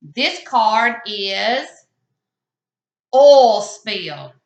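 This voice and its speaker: A woman teaching young children, reading aloud slowly and asking questions with encouraging, sing-song praise. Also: on the high side, lively intonation, darkish tone, roomy sound, highs cut off.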